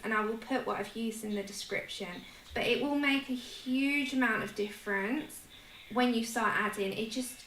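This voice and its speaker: London woman hosting a colouring livestream, chatty and self-deprecating, bright voice, echoey room. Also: fairly high pitch. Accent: London English. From London, England. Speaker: livestream host. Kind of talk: casual chat while colouring. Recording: echoey room with faint noise.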